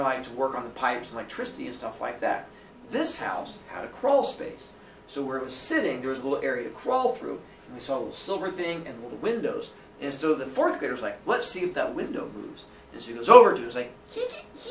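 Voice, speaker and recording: Animated man telling a funny childhood story. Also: on the high side, roomy sound, recorded from a distance, a little hiss or hum. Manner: animated, acts out voices with squeals and laughs. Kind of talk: comic personal storytelling.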